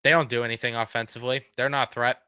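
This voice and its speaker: Fed-up guy ranting sarcastic about his team, voice going hoarse, bright crisp sound, dry mic. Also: medium pitch, flat delivery, rapid-fire, dry recording. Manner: frustrated, blunt, sarcastic. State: losing his voice. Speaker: sports fan show host. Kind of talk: ranting fan reaction.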